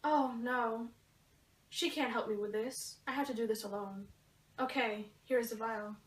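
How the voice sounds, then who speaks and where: A woman's voice: a little high, close to an everyday voice. Teen girl playing frightened Juliet. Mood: fearful. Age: teens. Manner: anxious, halting, talking to herself. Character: frightened young woman Juliet alone. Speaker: student actor. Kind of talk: amateur school play. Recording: echoey room, from far off.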